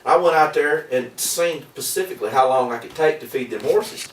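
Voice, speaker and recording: A man's voice: a little high, a little fast. A man, spinning a folksy yarn at a party in rural slang. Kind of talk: casual storytelling at a party. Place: indoor room with a group. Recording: echoey room, distant mic, noisy.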